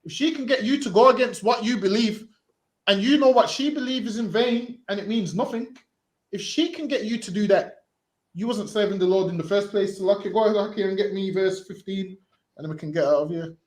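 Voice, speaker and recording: A man street preaching forcefully, repeating himself and ending phrases with "man". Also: high voice, a little fast, echoey room.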